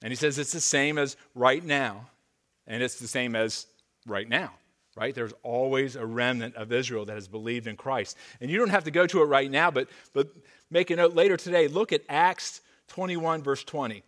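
A man's voice: mid-range voice, normal speed. Emphatic man preaching a sermon. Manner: animated, emphatic when reading scripture, with stammered restarts and asides. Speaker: pastor. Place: church sanctuary.

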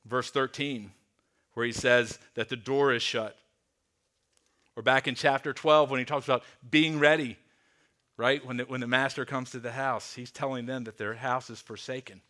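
A man, a pastor, preaching a sermon in an earnest way, slowing and dropping soft on key words. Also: mid-range voice, fairly even intonation. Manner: earnest, slows and drops softly on key words; repeats words while restarting.

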